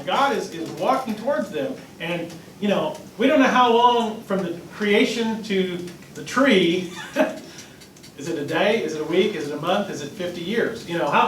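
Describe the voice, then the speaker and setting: A man, a pastor, teaching a Bible class in a conversational, animated way. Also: sits high. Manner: conversational, animated, acts out voices and laughs. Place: church classroom. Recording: echoey room, voice from a distance, faint noise.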